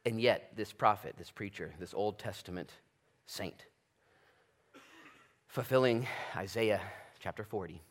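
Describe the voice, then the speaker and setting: A man preaching a conversational Bible-study sermon as pastor, animated, moving between loud emphasis and quiet asides. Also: fairly low pitch, a little slow, long pauses. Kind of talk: expository sermon. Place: church sanctuary.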